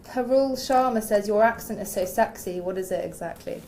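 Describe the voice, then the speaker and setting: A woman's voice: mid-range voice, a little fast, a little mellow, slight background noise. A woman interviewing an actor, reading fan questions and teasing him playfully. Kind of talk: casual interview.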